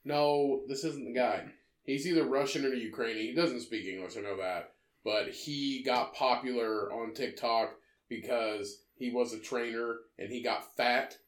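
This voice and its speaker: A man's voice: medium pitch, unhurried. Profane ranting man in an echoey room. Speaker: podcast co-host. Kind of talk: casual podcast banter.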